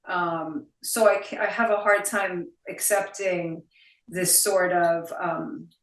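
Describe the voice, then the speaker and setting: Woman, New Jersey accent, 40s, blunt, animated, roomy off-mic call audio. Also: fairly low pitch, slow pace, far from the mic. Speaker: actress guest. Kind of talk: casual interview chat.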